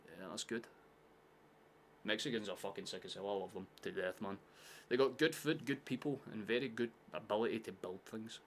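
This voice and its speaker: A man hosting a live football watchalong, chatting casually, swearing often and shouting at big chances. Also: lowish voice, fairly quick, slight background noise.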